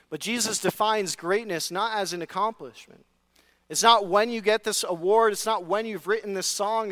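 A male preacher with a high, smooth, clear voice delivers an earnest sermon, posing rhetorical questions and reading scripture aloud. Now and then he slips in a dry, sarcastic aside. His words ring out with a long reverb through a large church sanctuary. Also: a bit bright. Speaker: pastor.

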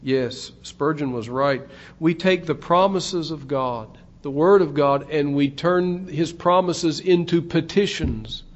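A man preaching a sermon in a slow, deliberate way, his voice swelling louder on key phrases. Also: on the high side. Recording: dull lo-fi recording.

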